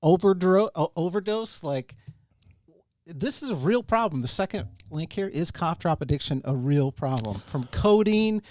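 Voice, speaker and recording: A man's voice: a little high, animated, normal speed, a little mellow, dry recording, clean studio sound. A man co-hosting a casual live-stream chat, teasing and joking with his friend. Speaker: co-host.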